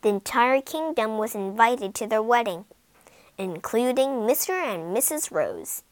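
A woman narrating a fairy tale in an expressive, dramatic storytelling manner. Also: fairly high pitch, a little slow, no room sound, low-quality recording.

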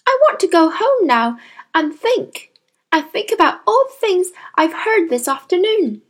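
A woman voicing a bright, gentle little girl who talks eagerly and politely in a storybook reading. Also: very high-pitched, very animated, a little slow, voice pushed up, heavily acted. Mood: earnest.

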